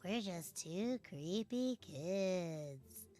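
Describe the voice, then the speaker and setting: A woman voicing a pair of creepy twin children, speaking slowly in an eerie, drawn-out singsong. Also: on the low side, expressive, warm tone, soft background music.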